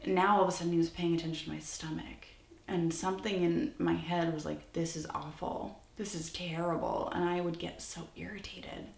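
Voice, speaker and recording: A woman's voice: fairly low pitch, level tone, fairly quick, a little mellow. A woman in her twenties telling a personal story in a candid, conversational vlog, with lots of "like" fillers. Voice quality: creaky, gravelly. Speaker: vlogger. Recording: echoey room, slightly off-mic.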